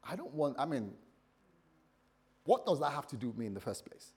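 A man's voice: mid-range voice, sing-song, brisk, long pauses, slight background noise. A man preaching a sermon in a conversational way, quizzing his listeners and acting out scenarios for them.

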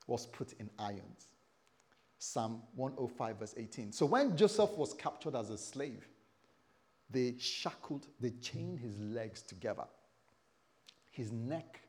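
A man's voice: mid-range voice, a little mellow. A man in his fifties preaching a sermon, telling stories with animation and acting out the voices of people he quotes.

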